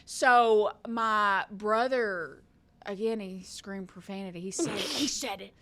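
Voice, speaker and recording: A woman's voice: mid-range voice, takes it slowly. A woman, co-hosting a podcast and telling a funny family story with lots of laughter. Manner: animated, laughing through her story. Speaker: podcast co-host. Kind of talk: casual storytelling.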